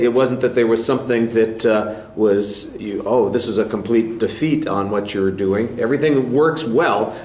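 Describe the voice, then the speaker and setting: A male speech instructor giving candid, measured spoken feedback to a student in a classroom. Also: mid-range voice. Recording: echoey room, faint hum.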